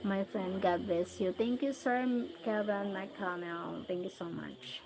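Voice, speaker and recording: A woman with a Filipino accent chats on a casual livestream, greeting and thanking viewers one by one. Her delivery is slow and relaxed, with a gravelly, creaky texture. A faint hiss sits under the voice. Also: medium pitch. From Philippines. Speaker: livestream host. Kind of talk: casual livestream chat reading comments.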